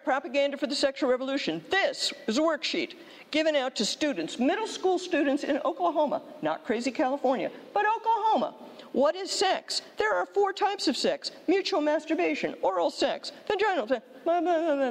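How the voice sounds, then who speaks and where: A woman's voice: high voice, a little mellow. A middle-aged woman giving a conference talk, emphatic and rhetorical, often checking in with the audience. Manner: emphatic, rhetorical, frequent "okay?" check-ins. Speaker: conference speaker. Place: seminary hall. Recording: long hall reverb.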